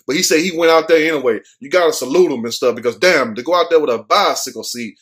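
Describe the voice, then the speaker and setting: A man hosting his own show, riffing on a news story in a loose, joking way. He curses freely and drops street slang. His voice sits a bit higher than most men's. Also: quick pace, few pauses, fairly bright tone. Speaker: show host. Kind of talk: casual profane news commentary.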